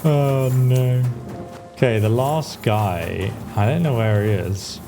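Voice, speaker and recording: Man giving relaxed gameplay commentary. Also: medium pitch, slow pace. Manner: relaxed, joking asides. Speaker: gameplay streamer. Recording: game music playing underneath.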